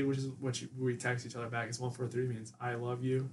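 A young man appearing as a podcast guest rambles through family stories, saying "like" constantly and imitating his mom in a higher voice. His delivery is completely flat, a little fast and a little mellow, picked up on a distant mic with faint ambient noise.

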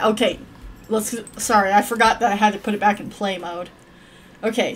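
A woman's voice: mid-range voice, normal speed, long pauses. A woman streaming a game, rambling to her viewers and cursing at her characters in crude, profane chat. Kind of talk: casual gameplay commentary.

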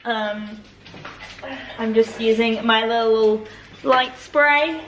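A woman's voice: fairly high pitch, very slow, lo-fi sound, noisy background. A young woman with a British accent chatting casually to camera, narrating her day and her cooking with self-mocking asides. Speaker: vlogger. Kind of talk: casual vlog chat. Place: home kitchen.

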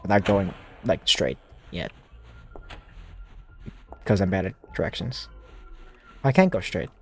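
A man's voice: low-pitched, expressive, takes it slowly, faint music behind. Rambling man talking through a game. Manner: rambling, self-talking, lots of fillers and restarts. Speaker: streamer playing a horror demo disc. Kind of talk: casual let's-play commentary.

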